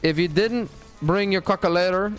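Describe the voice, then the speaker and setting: A man's voice: high-pitched, moderate pace, faint music behind, pitched above the performer's own voice, natural voice. A man voicing a stern male Cuban math teacher with a thick Cuban accent, scolding a pupil.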